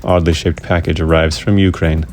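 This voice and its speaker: A man's voice: rumbling low, level tone, normal speed, over music. A man hosting his own vlog, narrating in a casual, scripted way with wry, self-mocking humor. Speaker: vlog host.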